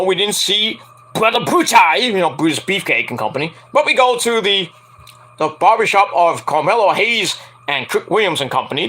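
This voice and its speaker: A young man casually reviewing a wrestling show, rambling and swearing, acting out quotes in high voices. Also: sharp tone. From Antiguan and Jamaican family. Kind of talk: casual solo review chat.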